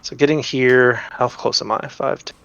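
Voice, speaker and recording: A man's voice: mid-range voice, steady tone, normal speed, a bit bright, clear, resonant tone, dull audio. A man playing a tabletop role-playing game, narrating his character's actions in a rambling way, with many restarts and laughs. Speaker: player.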